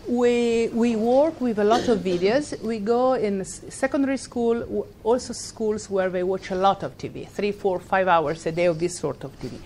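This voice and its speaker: Italian-accented woman giving a halting lecture. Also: medium pitch, darkish tone, a little hiss or hum. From Italy. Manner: halting, searching for words, laughs while telling a story. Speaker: guest lecturer. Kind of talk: university lecture.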